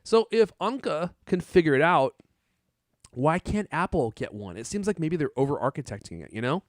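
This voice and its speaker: A man's voice: on the high side, sing-song, moderate pace, no room sound, clean studio sound. A man co-hosting a tech podcast in casual chat, joking and rambling, laughing often. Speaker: podcast co-host.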